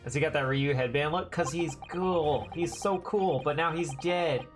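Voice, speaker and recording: A man's voice: fairly high pitch, moderate pace. A male streamer chatting casually and exclaiming in slangy reactions while playing a game. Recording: game music under voice. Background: game music.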